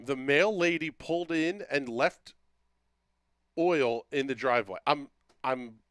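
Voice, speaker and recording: Male stream host, casual and jokey, smooth voice, dry close mic. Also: medium pitch, measured pace, a bit bright, dry recording. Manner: joking, drawling, talks to viewers by name. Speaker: livestream host. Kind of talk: casual livestream chat reading comments.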